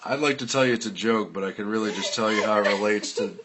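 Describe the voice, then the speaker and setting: A man hosting a casual news talk show, wry and animated. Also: on the low side, fast, heavy background noise. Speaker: host.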